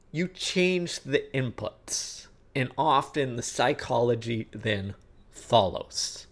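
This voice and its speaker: Speaking slowly in a mid-range voice, a man coaches athletes through an instructional talk on sports psychology. He explains things conversationally, checks in often with "okay?" and "guess what?", and acts out inner thoughts in quoted asides.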